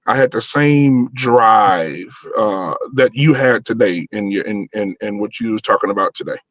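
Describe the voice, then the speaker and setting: A man's voice: lowish voice, moderate pace, a bit bright, no echo, highs cut off. A man joining a live stream as a guest, chatting in a friendly way with lots of fillers. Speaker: fellow YouTuber calling in. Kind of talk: casual greeting and chat.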